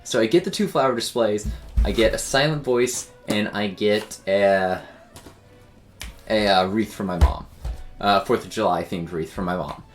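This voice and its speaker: A man's voice: lowish voice, moderate pace, faint music behind. A young man streaming games and telling a story in a rambling, filler-heavy, self-deprecating way. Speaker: game streamer. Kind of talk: casual storytelling while streaming.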